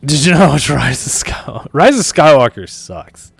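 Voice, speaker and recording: A young male streamer talking to his chat, his pitch jumping around in a lively, animated way. He rambles, swears freely and restarts sentences often, with faint music playing underneath. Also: measured pace, creaky, breathy edge, dry recording. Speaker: Twitch streamer. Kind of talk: casual stream chat, reading and answering chat.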